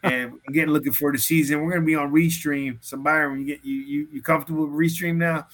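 Bright-voiced man hosting sports chat. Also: a little high, steady tone, a little hiss or hum. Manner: rambling, restarts, reads a quote haltingly. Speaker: podcast host.

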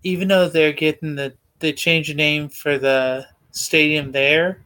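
A man co-hosting a casual sports podcast, explaining things in a relaxed way with fillers. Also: on the high side, a little slow, clean tone. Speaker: podcast co-host.

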